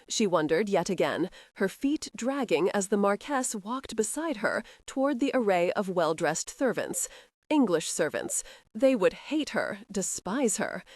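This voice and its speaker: A woman narrating a historical romance audiobook with expressive scripted storytelling. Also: mid-range voice, no echo, clean studio sound.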